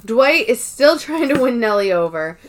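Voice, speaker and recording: A woman co-hosting a sibling podcast, retelling episode scenes in a casual, animated way and casually swearing. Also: fairly high pitch, moderate pace. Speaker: podcast co-host. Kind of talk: casual recap chat.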